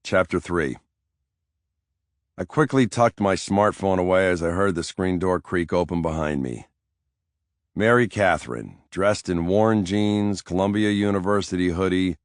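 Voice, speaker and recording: A man with a very deep voice narrates a crime thriller in first person, brooding and sardonic. The read is close and dry, with no room sound. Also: no room sound. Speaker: audiobook narrator.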